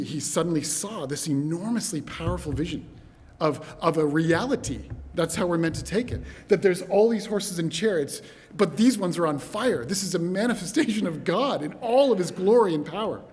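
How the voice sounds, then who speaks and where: A man delivers a sermon, retelling a scripture story with animated, vivid energy and calling out to his brothers and sisters. His voice sits a little high for a man. The sound carries the long echo of a church hall. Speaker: preacher.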